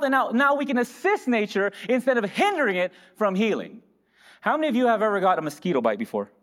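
This preacher has a high, fairly bright voice. Delivering his sermon in a church hall with plenty of reverb, he asks the congregation questions and then supplies the answers himself.

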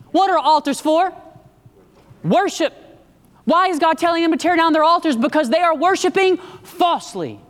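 A woman preacher delivers a sermon from a church sanctuary, and her voice rings out with a long hall reverb. She keeps asking the congregation for an amen. She swings from high, emphatic declarations to low, hushed passages. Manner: call-and-response, asking the congregation for amens.

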